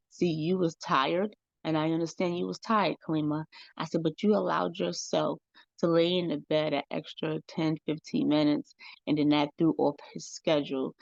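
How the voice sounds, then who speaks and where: A woman's voice: deep voice, gravelly, a little mellow, no room sound, muffled recording. A woman hosting a podcast, telling a parenting story in a casual, chatty way, often checking in with "right?" and "you know". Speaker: podcast host.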